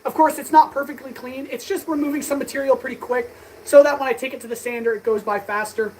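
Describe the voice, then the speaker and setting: A woman blacksmith chatting fast and eagerly with her live-stream audience while she works in her workshop. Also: high-pitched, steady tone, darkish tone, a little hiss or hum, low-quality recording. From Canada. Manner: chatty, talks fast, answers chat eagerly. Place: workshop with power tools.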